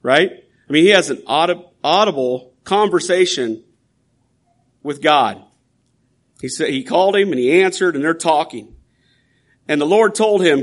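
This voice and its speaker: A man's voice: on the high side, normal speed. A man preaching a sermon in an earnest, emphatic, conversational way, often restarting his sentences.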